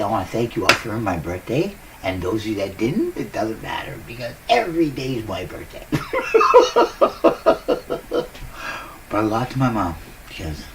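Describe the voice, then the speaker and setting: Giggly low-voiced man rambling. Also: recorded from a distance, background noise. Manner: giggly, upbeat, laughs often. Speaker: vlogger. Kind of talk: casual rambling monologue. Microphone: new cheap desk microphone.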